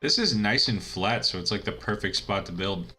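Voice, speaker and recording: A man's voice: on the low side, moderate pace, sharp tone, faint music behind. A man giving casual, rambling commentary while playing a video game, chatty and laughing at his own asides. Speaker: let's-play gamer.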